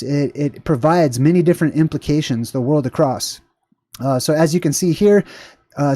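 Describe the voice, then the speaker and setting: A man hosting his own online show in an easy, rambling way, piling up fillers and restarts as he gets excited about what he's explaining. His voice sits a little higher than most men's yet sounds warm and mellow. The recording is close and dry, with no room sound behind it. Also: no echo. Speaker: host. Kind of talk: casual livestream commentary.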